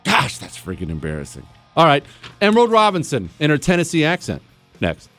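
Lively sarcastic male radio host. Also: on the high side, brisk, soft background music. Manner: animated, sarcastic, laughs often. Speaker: radio talk show host. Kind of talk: call-in radio talk.

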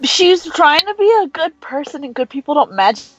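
A woman co-host chatting quickly and jokingly, her voice a touch high. The audio is dull and lo-fi, dry and close. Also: big pitch swings, no echo. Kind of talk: casual chat.

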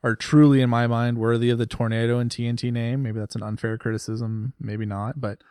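A man's voice: medium pitch, level tone, brisk, darkish tone, clean tone, no echo, clean studio sound. A man co-hosting a motorcycle podcast in casual, rambling chat. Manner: rambling, chatty, laughs often. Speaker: podcast co-host.

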